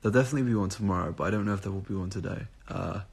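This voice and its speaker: A young man chats casually on a live stream late at odd hours, tired, reading viewer comments aloud and answering them in a rambling way with casual swearing. His deep, creaky voice races along, darkish in tone with a breathy edge.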